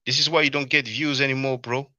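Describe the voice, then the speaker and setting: A man's voice: mid-range voice, fairly even intonation, quick pace, pushed and bright, no room sound. A man hosting a casual livestream, laughing often and reading chat comments aloud to answer them. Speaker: livestream host. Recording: dull, lo-fi stream audio.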